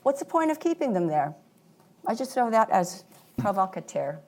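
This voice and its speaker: A woman's voice: mid-range voice, sing-song, moderate pace, a little mellow. A woman speaking as a panelist at a policy discussion, blunt and provocative in her remarks. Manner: blunt and provocative, with frequent um fillers.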